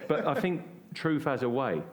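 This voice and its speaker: A middle-aged man from England telling a story at a church event, animated and acting out what others said. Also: on the high side, normal speed. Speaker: guest. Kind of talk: conversational storytelling.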